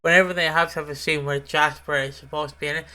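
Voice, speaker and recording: A man's voice: a little high, steady tone, fast, pushed and bright, smooth. A man co-hosting a podcast, talking animatedly in casual chat and swearing now and then. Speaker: podcast co-host.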